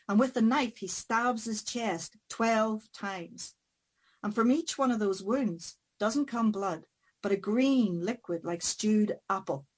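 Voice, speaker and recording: A woman telling a folk tale dramatically, slowing and speeding for effect. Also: medium pitch, darkish tone, poor audio. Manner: dramatic, varied pacing. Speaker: storyteller.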